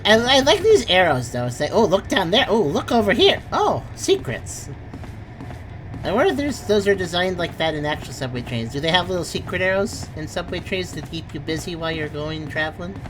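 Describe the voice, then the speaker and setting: A woman's voice: lowish voice, background noise. A woman streaming a game, chatting casually and thinking aloud as she plays, laughing often. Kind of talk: casual gameplay commentary.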